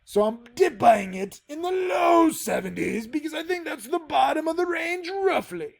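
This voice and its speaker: A man putting on a theatrical pirate accent, voicing a gruff male pirate captain with loud, drawn-out shouting. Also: very high-pitched, animated, pitched above the performer's own voice, heavily acted. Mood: blustering.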